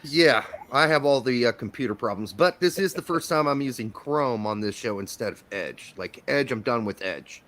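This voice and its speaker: A man's voice: medium pitch, expressive, normal speed, hardly any pauses, fairly bright tone. Laid-back laughing male podcast host. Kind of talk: casual live-stream chat. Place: home in Indiana.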